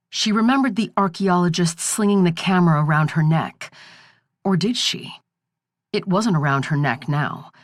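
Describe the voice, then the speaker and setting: A woman reading a thriller audiobook in a steady, measured narration. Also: on the low side, no echo, studio quality.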